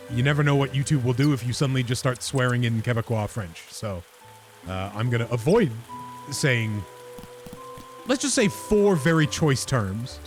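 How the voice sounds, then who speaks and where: A man giving casual, rambling let's-play commentary, often laughing at himself. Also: mid-range voice. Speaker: game streamer.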